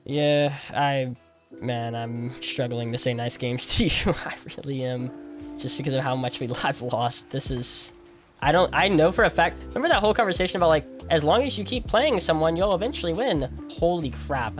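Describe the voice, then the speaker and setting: Over background music, a young man streams a game and talks to chat in a casual, argumentative way. His voice is a little high and animated at a moderate pace, and he sounds incredulous, repeats himself, and leans heavily on "like" and slang.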